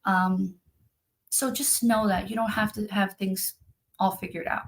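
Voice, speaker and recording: A woman's voice: mid-range voice, fairly even intonation, unhurried, creaky, a little hiss or hum, poor audio. A woman who practices spiritual activation, talking casually and earnestly about her work, with many fillers. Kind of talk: casual conversational talk.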